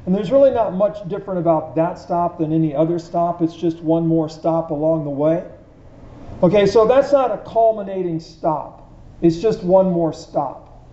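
High-voiced man teaching a Bible study. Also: mellow. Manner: conversational, asks the listeners questions. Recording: dull echoey room recording.

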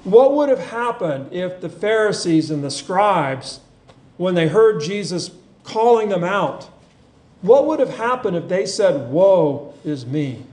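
A man preaching a sermon, earnest and unhurried, reading scripture with feeling. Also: high-pitched, big pitch swings, a little mellow. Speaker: pastor. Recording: echoey room with faint ambience.

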